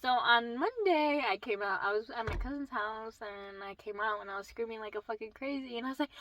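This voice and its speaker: A young woman telling a personal story in a casual vlog, swearing and animated. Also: on the high side, brisk, few pauses, low-quality recording. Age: young adult. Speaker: vlogger.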